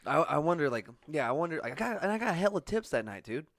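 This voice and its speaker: Rambling profane podcast host. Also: male voice, a little high, very animated, fast talker, dry recording, studio quality. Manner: rambling, profane, laughs through stories. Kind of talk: casual storytelling chat.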